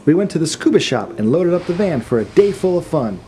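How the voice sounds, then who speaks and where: A man from the United States narrates his own travel video, poking fun at himself along the way. His voice moves up and down in a lively way and stays warm and mellow in tone. A faint hiss sits beneath the recording. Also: on the high side, a little fast. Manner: wry, self-mocking humor. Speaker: travel vlogger.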